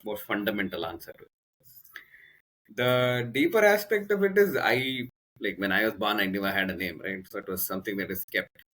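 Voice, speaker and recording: A man's voice: lowish voice, expressive, moderate pace, fairly bright tone. A man with an Indian English accent, a podcast guest and coach telling rambling personal anecdotes in casual conversation, with many fillers and restarts.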